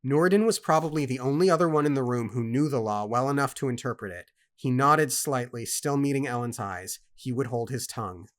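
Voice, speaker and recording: A man on a casual book club show, reading passages aloud and breaking off to react. He talks emphatically and stammers when he gets worked up. His voice sits at a middling pitch. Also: brisk, few pauses.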